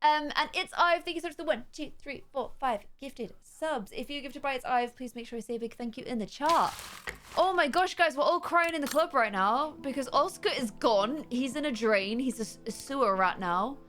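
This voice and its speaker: A young woman streamer giving animated, chatty let's play commentary. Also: high voice, brisk. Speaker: gaming streamer. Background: faint game music.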